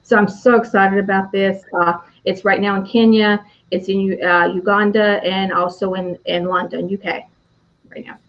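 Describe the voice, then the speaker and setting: A woman guest answers questions in a flat, even voice, filling pauses with "uh" and "you know". Her audio is dull and lo-fi, like a remote call. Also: medium pitch. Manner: steady, with many fillers. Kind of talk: interview answer.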